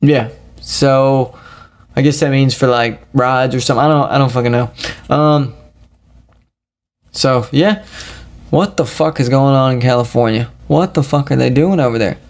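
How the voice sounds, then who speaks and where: A man's voice: mid-range voice, normal speed, pauses often. A man hosting a casual solo podcast, ranting in a crude, profane and rambling way. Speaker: podcast host.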